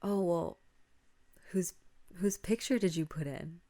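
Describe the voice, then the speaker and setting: A teenage schoolboy, as a woman puts him on while telling a spooky story. He speaks in a plain, offhand way, with a somewhat low voice. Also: slow pace, dark tone. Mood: casual. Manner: casual, then alarmed. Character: teenage boy, a senior student.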